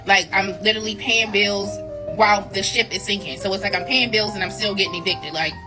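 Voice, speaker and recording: A woman's voice: medium pitch, steady tone, brisk. A single mother in her forties talking bluntly and wearily about her stress, with some cursing. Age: 40s. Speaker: single mother posting a video. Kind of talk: candid personal vlog. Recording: music playing behind.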